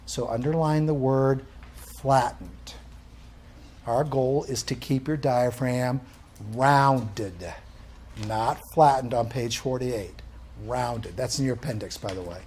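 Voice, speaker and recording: A man's voice: medium pitch, takes it slowly, darkish tone, a little hiss or hum. A male instructor giving a live classroom lecture, quizzing the room with questions and answering them himself.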